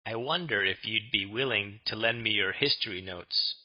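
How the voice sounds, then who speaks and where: A man's voice: fairly low pitch, moderate pace, natural voice. A man playing a laid-back student. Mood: casual. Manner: casual, easygoing. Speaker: dialog actor. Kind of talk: scripted textbook dialog. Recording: muffled lo-fi studio recording.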